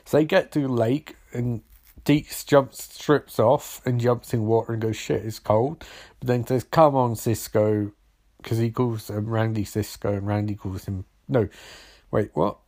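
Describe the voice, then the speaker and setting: A man's voice: mid-range voice, fairly even intonation, moderate pace, dark tone. A man casually recapping a film in a rambling, wry and sarcastic way, swearing now and then. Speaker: film reviewer.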